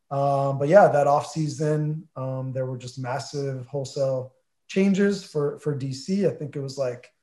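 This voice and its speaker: A man's voice: a little high, warm tone. Chatty man telling a story. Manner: chatty, filler-heavy, acts out quoted conversations. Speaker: interview guest. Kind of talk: casual anecdotal storytelling.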